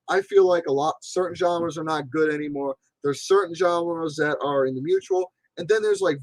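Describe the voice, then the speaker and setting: A man's voice: fairly high pitch, fairly bright tone, no echo, poor audio. A man in his forties, a movie reviewer and channel host, giving a blunt, profane, emphatic livestream monologue.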